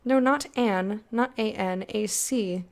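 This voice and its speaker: A woman's voice: mid-range voice, takes it slowly, vocal fry. A young woman streaming a game, chatting casually with viewers, laughing often and reading game text aloud. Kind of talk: casual let's-play chat with viewers.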